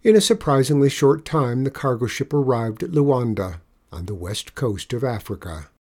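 Man narrating a storybook, gentle and measured, medium pitch. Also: animated. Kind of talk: storybook reading.

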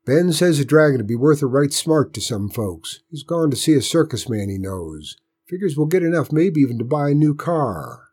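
A man's voice: fairly high pitch, very animated, normal speed, hardly any pauses, darkish tone, slightly rough, voice pushed up. A man voicing a firm, hard-pressed country aunt. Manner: firm, clipped country speech. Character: hard-pressed practical farm aunt, a woman.

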